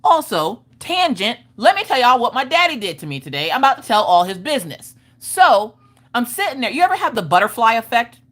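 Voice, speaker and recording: A woman hosting a casual livestream chat, telling stories in an animated way and going off on tangents while answering her viewers. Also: a little high, fairly quick. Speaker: livestream host. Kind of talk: casual chat with live chat readers.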